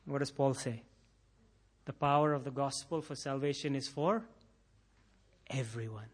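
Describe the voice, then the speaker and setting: A man's voice: mid-range voice, fairly even intonation, unhurried. A man preaching a sermon, building to intense emphasis and repeating key phrases, sometimes acting out imagined prayers. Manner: acts out imagined prayers in quoted voices. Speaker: pastor.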